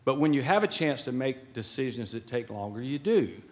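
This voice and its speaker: At a swearing-in ceremony held in an indoor hall, a middle-aged guest speaker from Georgia stands at the podium and talks into its microphone. He has a medium, sing-song voice at a moderate pace, joking in a folksy way and dropping in preacher-style asides.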